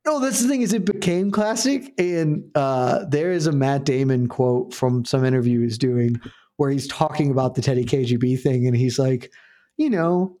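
A man's voice: mid-range voice, normal speed, warm tone. A man co-hosting a casual sports podcast, rambling and laughing as he talks. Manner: rambling, laughs often, restarts sentences. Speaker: podcast co-host. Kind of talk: casual chat.

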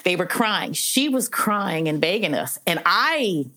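In an unhurried, lowish and slightly bright voice with lively intonation, a middle-aged probation officer shares stories during a conversational interview. She's earnest and heartfelt, often saying "you know."

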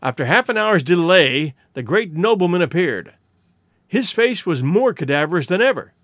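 A man narrating a classic story in audiobook style. His voice is fairly high and very lively in pitch. The recording is close and dry. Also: moderate pace, no echo.

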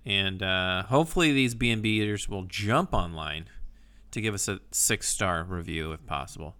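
A man's voice: low voice, normal speed, pushed and bright, smooth. A man co-hosting a podcast in casual, teasing chat. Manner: teasing, joking. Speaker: podcast co-host.

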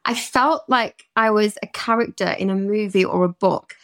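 A woman's voice: medium pitch, normal speed. A woman therapist with a British accent, speaking candidly and emotionally in a podcast conversation, telling personal stories.

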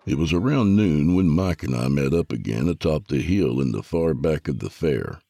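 A man tells a first-person story in a very low, gravelly voice with a husky edge. The recording is dry and close, with no room sound at all. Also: animated, moderate pace, dark tone, dry recording. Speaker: narrator.

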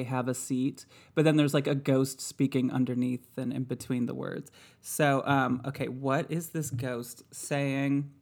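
A woman hosting a casual podcast chat. She speaks at an easy, unhurried pace and keeps a playful tone, breaking into laughter and rambling asides. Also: a bass voice, a little mellow. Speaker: podcast host.

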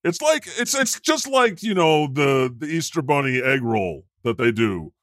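A man with a lively, swooping voice hosts a comedy podcast in character as God. He rambles through jokes, corrects himself with a laugh and keeps things loose. The sound is dry and close. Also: a little high, measured pace, no echo. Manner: jokey, rambling, self-deprecating, laughs often. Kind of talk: improvised comedy chat.

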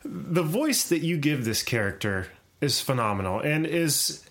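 A man's voice: on the high side, lively intonation, a little slow, a bit bright. Enthusiastic male podcast host. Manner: enthusiastic, laughs easily. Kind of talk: casual interview chat.

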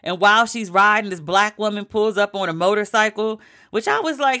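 A woman's voice: mid-range voice, fairly quick, sharp tone. A woman recapping a TV show in casual, emphatic talk, with some swearing. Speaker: TV show reviewer.

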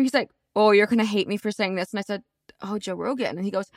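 Speaking fast and a bit creaky at a medium pitch, a London woman co-hosts a podcast with studio-quality audio and no room sound. She tells stories casually, swearing freely and acting out people's words with animation.

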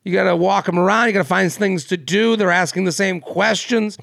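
A man's voice: high voice, gravelly, fairly bright tone. A man co-hosting a podcast, joking and rambling in casual chat. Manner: jokey, rambling, quick asides. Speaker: podcast co-host.

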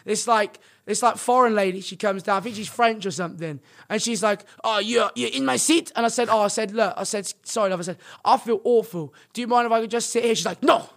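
A young man with a notably high-pitched voice, chatting on a podcast. He rambles through his stories with lots of fillers and restarts, always animated and conversational. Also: a little fast, vocal fry, hardly any pauses. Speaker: podcast guest, streamer. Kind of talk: casual storytelling chat.

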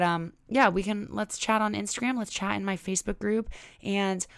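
A woman's voice: medium pitch, creaky, no room sound, clean studio sound. A young woman hosting her own podcast, talking casually and rambling with lots of "like"s, laughing at her own slips. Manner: chatty, rambling, many "like"s, laughs at herself. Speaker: podcast host. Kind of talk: casual solo podcast talk.

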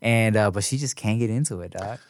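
A man's voice: on the low side, brisk, no echo. Male podcast co-host, easygoing and slangy, dry close-mic sound. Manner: laid-back, slangy, swears freely. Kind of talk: casual chat.

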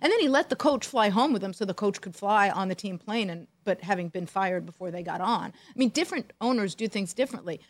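Lady cohost telling a story, animated, deadpan jokes, casual podcast chat. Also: mid-range voice, brisk, few pauses, dry recording. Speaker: podcast co-host, former team executive.

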